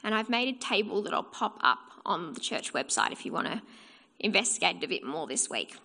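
A woman's voice: medium pitch, very animated, a little fast, creaky, bright, forceful tone. A woman preaching a sermon in church, earnest and explanatory, asking rhetorical questions and answering them herself.

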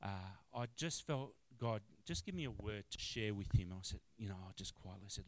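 A middle-aged man with an Australian accent, a football club chaplain telling a story in a sermon and acting out the quotes with lively emotion. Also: brisk, hardly any pauses. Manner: animated, acts out quotes, rising to high-pitched excitement.

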